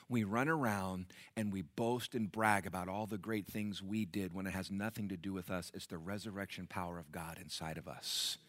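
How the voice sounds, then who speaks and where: A middle-aged man preaching a sermon to a congregation, animated, often jumping into loud acted-out voices. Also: lowish voice, no echo, clean studio sound. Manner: animated, acts out bragging characters loudly. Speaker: pastor.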